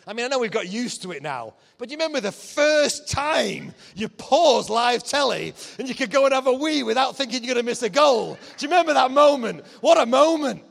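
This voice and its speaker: Excitable preacher in a reverberant hall. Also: male voice, extremely high pitch, a little fast, creaky, few pauses. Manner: lively, jokey, shouts with excitement. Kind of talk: sermon. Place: church hall.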